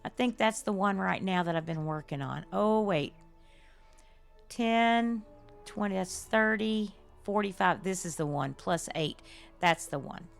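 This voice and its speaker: A woman's voice: mid-range voice, unhurried, creaky, soft background music. An older woman, chatting effusively and laughing often as she streams a game live and thanks her viewers. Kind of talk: live-stream chat while playing.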